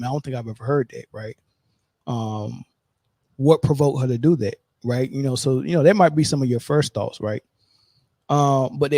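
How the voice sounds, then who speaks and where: Emphatic man with a dark, dry voice. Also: medium pitch, no echo. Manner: emphatic, repeats himself, keeps asking "right?". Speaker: sports podcast host. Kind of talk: casual commentary.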